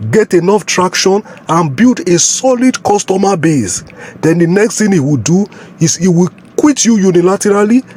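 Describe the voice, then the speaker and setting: A man explaining a scheme in an earnest, steady way. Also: high-pitched. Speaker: skit presenter. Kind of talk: explaining to a commentator.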